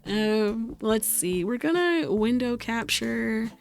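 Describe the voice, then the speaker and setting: A woman's voice: a little high, animated, slow pace, creaky, faint music behind. A woman streaming a game and chatting casually, rambling and amused with herself. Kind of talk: casual gaming stream chat.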